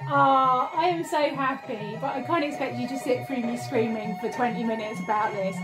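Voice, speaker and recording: This woman's voice is a little high, and she keeps a moderate pace with music playing underneath. Filming an at-home unboxing and retro game session on her phone, she gushes with excitement, squealing and laughing frequently.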